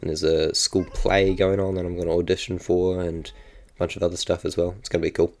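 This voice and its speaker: Young man, New Zealand accent, low voice, rambling casual vlog talk, self-correcting. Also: little pitch movement, brisk, a little mellow. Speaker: YouTuber.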